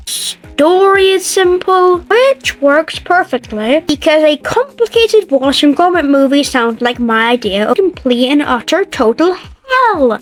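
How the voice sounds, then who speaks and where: A woman's voice: high voice, animated, measured pace, soft background music, low-quality recording. A young woman giving casual, enthusiastic and opinionated film ranking commentary, full of jokes. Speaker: film reviewer.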